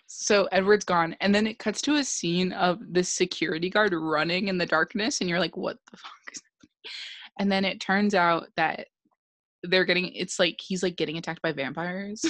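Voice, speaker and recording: A woman's voice: fairly low pitch, normal speed, a bit bright, no echo. A young woman hosting a podcast, chatting casually and laughing often as she recaps a film. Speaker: podcast host. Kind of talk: casual chat.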